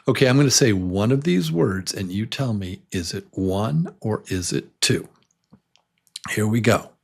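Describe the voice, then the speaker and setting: A middle-aged man teaching a beginner pronunciation lesson, modeling vowel sounds slowly and cheering when learners get the answer. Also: lowish voice, animated, a bit bright, husky, some chatter behind. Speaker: English teacher.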